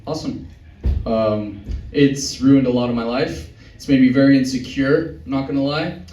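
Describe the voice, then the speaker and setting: A young man performing a stand-up set in a comedy club, with a deadpan, meandering delivery. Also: mid-range voice, normal speed, muffled recording. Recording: echoey club from far off.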